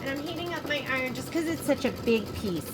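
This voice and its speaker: Speaking fast with lively intonation and a high-sitting voice, a female sewing and embroidery instructor chats her viewers through a sewing project one step at a time. She addresses them directly as she works in a sewing shop's sewing room. The casual tutorial has faint machine noise behind it.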